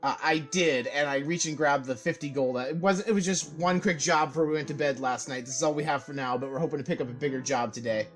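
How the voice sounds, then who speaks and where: Higher-voiced male tabletop player. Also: quick pace, hardly any pauses, faint music behind. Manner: rambling, sheepish hesitations. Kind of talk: tabletop role-play and recap narration.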